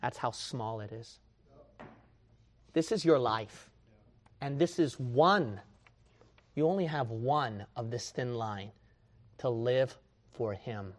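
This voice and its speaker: A man preaching a sermon to his church, dropping to a hush and then rising to a shout as he mocks his listeners' excuses. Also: medium pitch, slow pace, pauses often. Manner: swings from hushed to shouting, mocks excuses in whiny voice.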